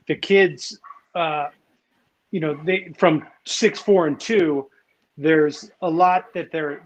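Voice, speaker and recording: Halting male interview host, slightly high. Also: a little hiss or hum, low-quality recording. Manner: halting, many fillers and restarts while asking. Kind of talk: casual interview.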